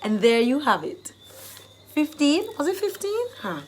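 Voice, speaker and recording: A woman's voice: high voice, very animated, unhurried, slight background noise. A Jamaican woman who hosts a casual video lesson, explaining everyday phrases plainly and then acting them out with big swings in her voice. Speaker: vlogger teaching phrases. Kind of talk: casual teaching vlog.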